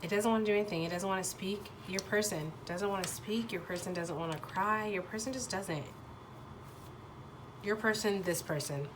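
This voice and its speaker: A young woman with a nasal voice from a sinus infection, giving a casual tarot reading and often pausing and restarting as she searches for words. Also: medium pitch, noisy background. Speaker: tarot reader.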